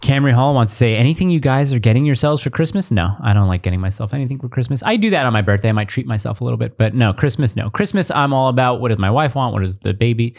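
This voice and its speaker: A man in his thirties co-hosting a podcast, chatting casually and telling animated stories with put-on shouting voices. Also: mid-range voice, fast, gravelly, hardly any pauses. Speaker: podcast co-host. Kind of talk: casual chat.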